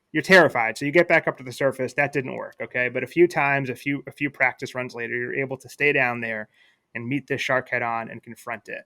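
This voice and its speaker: A man who is a podcast guest and an attorney tells a children's story in a casual, reflective way, with fillers and restarts. His voice is medium in pitch with a sharp tone, and the recording is dry.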